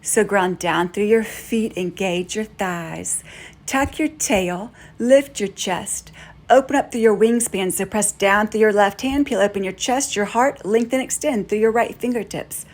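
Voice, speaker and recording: A woman yoga instructor giving calm, steady step-by-step cues through a guided class. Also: mid-range voice, measured pace.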